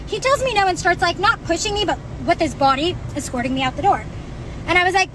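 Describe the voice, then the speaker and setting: A woman's voice: very high-pitched, fast talker, noisy background. A woman from New York telling an aggrieved, profane story to a phone camera outdoors. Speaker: customer in viral video. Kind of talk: angry storytime rant to camera.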